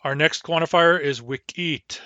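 A language teacher with a fairly high, sharp-toned voice gives a recorded lesson, carefully repeating each word and explaining its pronunciation. He is measured, spelling out and repeating each word slowly, and the recording is muffled with no room sound.

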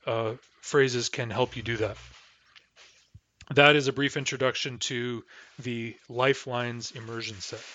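A man teaching a language lesson, slowly modelling pronunciation with frequent pauses and fillers, on a dull, dry recording. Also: mid-range voice, pushed and bright, dry recording. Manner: slow, careful modelling of sounds with many fillers.

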